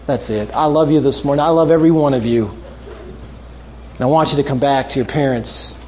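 A male preacher closing a sermon with a story, making earnest, repeated appeals and dropping soft and low for emphasis. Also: fairly quick, slight background noise.

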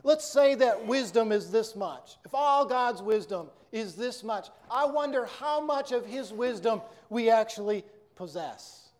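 Preacher guy, fairly high voice, earnest storytelling. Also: expressive, measured pace, few pauses, a little mellow. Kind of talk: sermon with story reading.

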